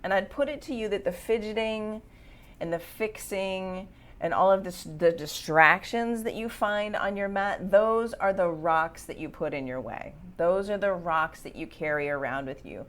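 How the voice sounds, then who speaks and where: A woman's voice: mid-range voice, moderate pace, fairly bright tone. A woman leading a live yoga class, giving short rhythmic commands with encouraging asides. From United States. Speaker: yoga teacher. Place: yoga studio.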